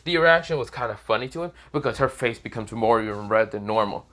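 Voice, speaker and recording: A man's voice: medium pitch, animated, quick pace, a bit bright. A man improvising the narration of a fan-fiction story, rambling and full of fillers.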